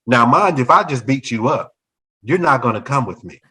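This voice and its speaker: Male, former principal recounting a personal story in conversation; animated delivery, mid-range voice, slips into others' voices. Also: medium pitch, a little fast, poor audio. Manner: animated, acts out other people's voices in quotes. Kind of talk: storytelling in a talk show conversation.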